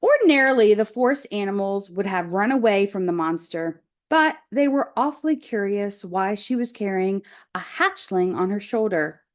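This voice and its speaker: A woman teacher reading a children's novel aloud with expressive storytelling. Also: medium pitch, normal speed, hardly any pauses.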